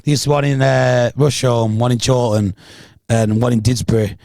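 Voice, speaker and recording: A man's voice: medium pitch, fairly even intonation, moderate pace, vocal fry, warm tone, no echo, clean studio sound. A Manchester man hosting a podcast, chatting casually, laid-back and sweary, laughing often, with Manchester slang. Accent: Manchester English. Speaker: podcast host. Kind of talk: casual banter. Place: small studio.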